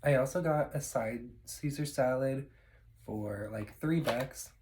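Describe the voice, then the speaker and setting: A man's voice: mid-range voice, slow pace, darkish tone, slight background noise, rough recording. Chatty man rambling over dinner. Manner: rambling and chatty, with many fillers. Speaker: vlogger. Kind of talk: casual eating vlog chat. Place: at home, eating at a table.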